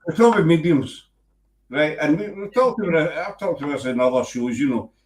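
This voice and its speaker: A man's voice: a little high, expressive, a little fast, a little mellow, echoey room. A Scottish man hosting a casual show, teasing his guest and joking as he rambles. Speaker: host. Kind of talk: casual banter on a web show.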